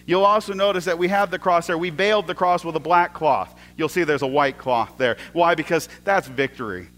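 Male pastor, fairly high voice, storytelling sermon, builds excitement then drops to a hush. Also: fairly quick. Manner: storytelling, swings from loud excitement to hushed asides, repeats words.

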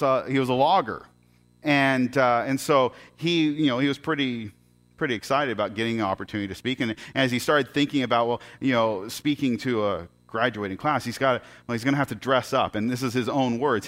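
A man preaching as a pastor, telling a story in a conversational, halting way with many restarts. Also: mid-range voice, fairly bright tone. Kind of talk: storytelling sermon.

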